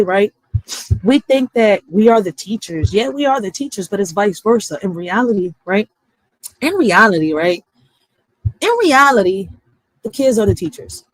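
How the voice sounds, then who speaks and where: A woman's voice: mid-range voice, no echo, low-quality recording. A woman in her thirties chatting casually on a live stream, candid and rambling, often swearing and asking "right?". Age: 30s.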